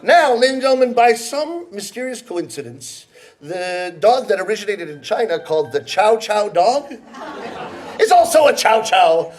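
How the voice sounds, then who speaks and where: Brief: higher-voiced male storyteller from Canada, playful stage comic, teases the crowd. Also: sing-song, moderate pace. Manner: playful, teasing the audience, acting out quoted voices. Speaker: rakugo storyteller. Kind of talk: live comedy storytelling to an audience. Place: theater stage with live audience.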